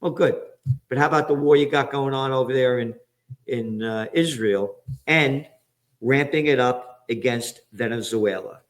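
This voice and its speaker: A man delivers a heated political rant, cursing freely and dripping with sarcasm. His voice is mid-pitched and ordinary, and he hops restlessly from one item to the next like a host reading through his own headlines. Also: measured pace. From the Bronx, New York. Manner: profane, sarcastic, heated, jumps between topics. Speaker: commentator and host. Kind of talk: ranting political commentary.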